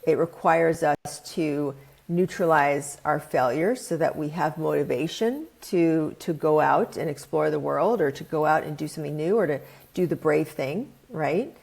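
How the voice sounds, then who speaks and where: Low-voiced woman explaining quickly. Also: creaky, darkish tone. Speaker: guest expert, author. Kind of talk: podcast interview.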